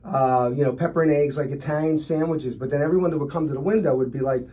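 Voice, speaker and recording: Philly guy, middle-aged, lively storyteller, slightly high voice. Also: fast. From Philadelphia. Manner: animated, acts out customers in his stories. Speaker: restaurant owner, guest. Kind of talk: storytelling in a casual interview.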